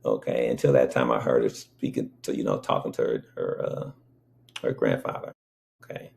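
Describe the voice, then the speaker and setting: A man's voice: rumbling low, moderate pace, gravelly, darkish tone. A man casually telling a personal story in a rambling way, often checking in with the listener. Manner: rambling, frequently checks in with "okay?".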